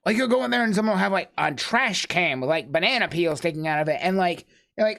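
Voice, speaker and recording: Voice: medium pitch, lively intonation, very fast, vocal fry, hardly any pauses, a bit bright. A streamer reacting to a video, making blunt jokes with swearing. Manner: blunt joking interjections with swearing. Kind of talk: live reaction commentary.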